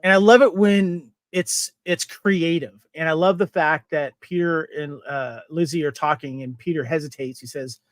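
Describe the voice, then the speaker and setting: A man's voice: a little high, moderate pace, few pauses, no room sound. A man hosting a casual movie podcast, chatting and reading out trivia with frequent laughs. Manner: chatty, reads trivia and quotes aloud, laughs often. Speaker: podcast host.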